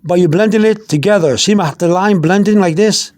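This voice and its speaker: A Spanish teacher with a high, brisk, somewhat dark voice gives an informal pronunciation lesson, recording on a phone held in one hand. He repeats words patiently and restarts often.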